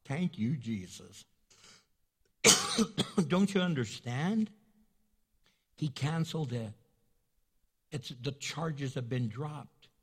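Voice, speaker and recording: A man's voice: medium pitch, lively intonation, drawn-out words, pauses often, fairly bright tone, breathy edge. A man preaching a sermon as pastor, emphatic and repetitive, acting out little asides for the congregation. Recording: long hall reverb.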